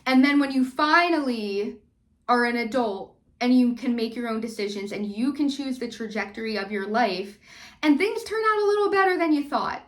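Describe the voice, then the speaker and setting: A woman's voice: on the high side, animated, normal speed. A young woman recapping a reality TV episode in a casual, heated vlog, full of "like" and "you know" as she rants. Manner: heated, ranting, many fillers like "like" and "you know". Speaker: recap vlogger.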